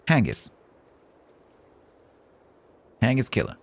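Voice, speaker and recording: Male streamer, very low voice, rambling self-mocking banter into a desk mic. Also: sing-song, fast, vocal fry, dry recording. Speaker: game streamer. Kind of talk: casual live-stream chat.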